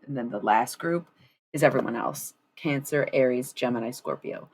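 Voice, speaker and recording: A young woman streamer with an extremely low, slightly mellow voice chats casually with viewers at normal speed while laying out a tarot spread. She rambles, laughs often and swears freely, with slight background noise.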